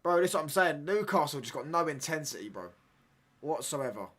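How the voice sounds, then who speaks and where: Bright-voiced excitable lad. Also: male voice, a little high, brisk. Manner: excitable, chatty banter with viewers, slangy. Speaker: watchalong streamer. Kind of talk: live football watchalong reaction.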